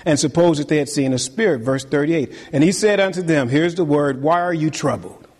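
A male pastor preaching a sermon to his congregation, animated and repetitive, leaning hard on key words. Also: on the high side, brisk, big-room sound. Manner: animated preaching, repeats phrases, talks to the congregation. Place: church sanctuary.

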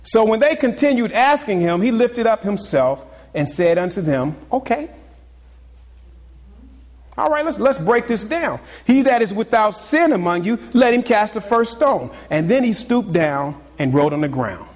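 A pastor preaching a sermon to his congregation, swinging between loud exclamations and hushed, confiding asides. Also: high voice, sing-song, measured pace, in a large hall.

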